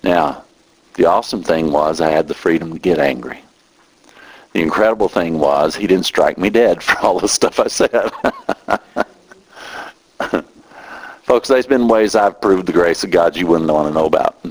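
A man's voice: normal speed, pauses often, slightly rough, rough recording. A middle-aged man preaching a sermon as a minister, talking with growing passion. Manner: impassioned, rising in pitch when emotional.

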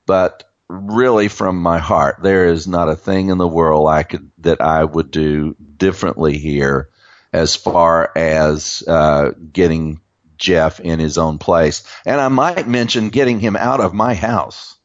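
A man with a very deep voice talks on a radio show in a rambling, self-deprecating way. The sound is dry and close, with a dull, lo-fi tone. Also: unhurried, dry recording. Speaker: guest on the show. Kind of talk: casual radio chat. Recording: dry, dull lo-fi broadcast audio.

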